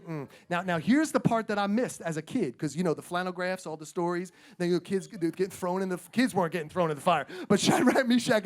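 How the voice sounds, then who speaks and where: A male pastor preaching a sermon with energetic emphasis, repeating phrases and calling out to the congregation. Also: high-pitched.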